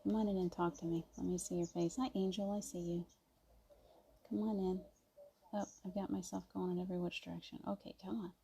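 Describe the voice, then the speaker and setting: A gentle woman hosts a casual live stream and chats with viewers, greeting each one by name. Her voice sits a little low and has a gravelly edge, with a warm, mellow tone. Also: little pitch movement, fairly quick. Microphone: device mic on a video stream.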